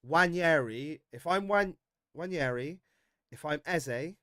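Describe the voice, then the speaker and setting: A man's voice: on the high side, slow, dry recording. Chatty man, dry close mic. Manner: animated, banter-filled, laughs often. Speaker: football fan livestream host. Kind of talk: casual livestream chat, reading viewer comments.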